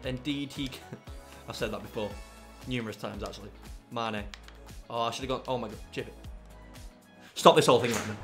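A young man commentating his own football video game, muttering through play and erupting into shouts at goals. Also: a little high, moderate pace, soft background music. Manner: excitable, bursts into shouts after goals. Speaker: gaming YouTuber.

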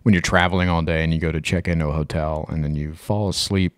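A man's voice: a bass voice, steady tone, quick pace, no room sound, clean studio sound. A man co-hosting a podcast, telling a long personal story in casual chat, rambling and swearing freely. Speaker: podcast co-host.

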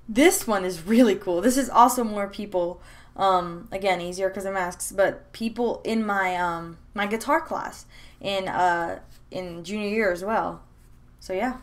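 A young woman, an art vlogger, chats casually about her sketchbooks from a room at home, gushing with enthusiasm as she rambles through plenty of fillers and restarts. Her medium-pitched voice moves a little slowly, with slight background noise behind it.

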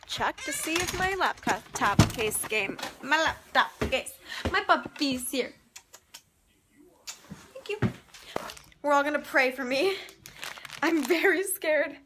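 A woman's voice: high-pitched, very noisy. A young woman chatting through a casual vlog, rambling and dramatic. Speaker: vlogger.

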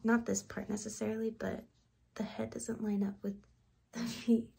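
A young woman vlogging casually about crochet, rambling with lots of fillers, her voice hoarse and half-whispered as she feels unwell. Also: mid-range voice, level tone, moderate pace. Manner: rambling, filler-heavy, slips into soft whispery phrases. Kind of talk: casual vlog chat.

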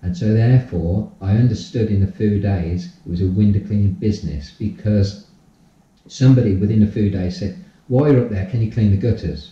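An older man recalls his past in a lively storytelling way, slipping into the other people's voices as he goes. His voice is dark and mellow. He sits away from the mic in a very echoey room, and the sound is dull and lo-fi. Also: lowish voice, a little fast. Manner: animated storyteller, acts out dialogue, repeats phrases. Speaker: podcast guest, entrepreneur. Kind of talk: casual storytelling interview. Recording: distant, roomy, dull-sounding audio.

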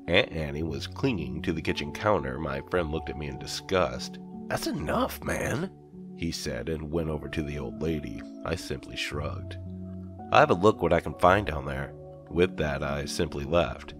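A man narrating a first-person horror story in a measured storytelling manner. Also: a bass voice. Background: soft background music.

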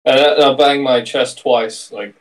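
Guy playing a tabletop game, mid-pitch, jokey, quick. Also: steady tone, low-quality recording. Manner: playful, quick, describes own actions. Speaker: player. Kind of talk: casual tabletop play.

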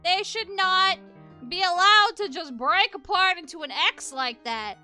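A woman giving let's play commentary, reacting to the game with excitable, flustered exclamations. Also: very high-pitched, measured pace, soft background music. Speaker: gameplay commentator.

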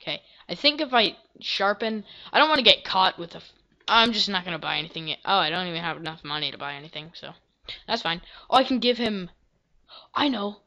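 A woman giving casual, self-deprecating commentary while she plays a video game, now and then breaking into loud yelps. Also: medium pitch, animated, brisk, vocal fry, muffled recording. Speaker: gameplay video creator. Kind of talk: casual let's-play commentary.

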